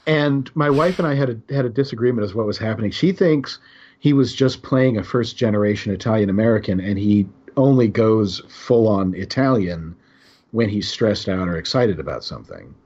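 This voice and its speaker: A man co-hosting a podcast in a loose, chatty way, rambling into asides and laughing at his own jokes. His voice is husky and breathy. The recording is dull and lo-fi. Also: on the low side, animated, moderate pace, a little mellow. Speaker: podcast co-host. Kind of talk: casual chat.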